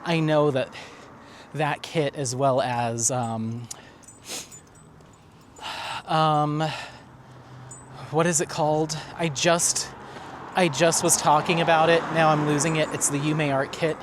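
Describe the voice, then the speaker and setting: A man talking casually to the camera as he walks a dog down a neighborhood street, reading out viewer comments in a chatty, rambling way. His voice sits a little higher than most men's. Faint traffic hums behind him. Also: fairly even intonation, slow pace, long pauses. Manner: rambling and chatty, many fillers and restarts; talking while walking a dog. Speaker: vlogger.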